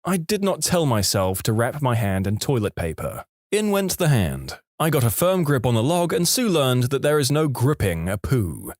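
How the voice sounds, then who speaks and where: A man reading a story aloud as narrator, in a lively, expressive way. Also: medium pitch, normal speed, dry recording, clean studio sound.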